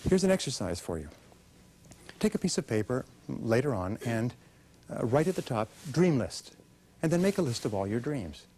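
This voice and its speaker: A man's voice: medium pitch, big pitch swings, a little fast, a little mellow. A man giving a motivational seminar talk, emphatic, asking rhetorical questions and having the audience repeat his lines. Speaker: motivational speaker.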